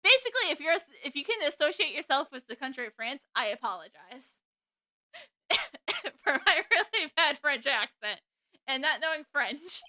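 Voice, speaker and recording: A giggly woman chats through her game playthrough, teasing herself with a lively, very bright voice that climbs high. Soft game music hums in the background. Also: normal speed. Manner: giggly, self-deprecating. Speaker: let's-play host. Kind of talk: casual game commentary. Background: faint game music.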